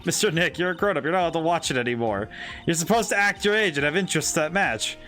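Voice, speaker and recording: A man's voice: fairly high pitch, lively intonation, fast talker, sharp tone, faint music behind. A man voicing a serious, proper little girl from a game, lightly changing his voice. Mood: prim.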